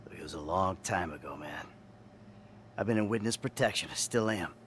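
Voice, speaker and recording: A jaded, cursing ex-criminal. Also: male voice, deep voice, fairly bright tone, slight background noise. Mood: defensive. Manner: sarcastic, cursing, quick-tempered. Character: jaded, foul-mouthed middle-aged male ex-criminal. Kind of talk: video game cutscene acting.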